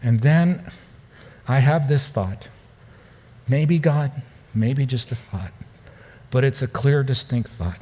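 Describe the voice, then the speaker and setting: A pastor telling a personal story in a sermon, lively at times and turning quiet and hushed. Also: male voice, mid-range voice, slow, pauses often. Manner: storytelling, animated, dropping to a hushed tone. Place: church.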